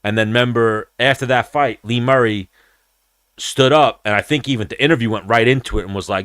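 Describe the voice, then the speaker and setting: A man chats on a combat-sports podcast in a blunt, rambling way and swears freely. His voice sits at a mid pitch. It is recorded close and dry. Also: a little fast, a bit bright, no echo. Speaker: podcast host. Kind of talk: casual combat-sports chat.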